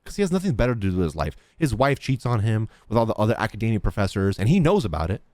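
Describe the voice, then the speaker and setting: A man's voice: lowish voice, very animated, very fast, a little mellow. A young man streaming a game, heckling and cursing at the characters on screen. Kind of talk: reacting to gameplay.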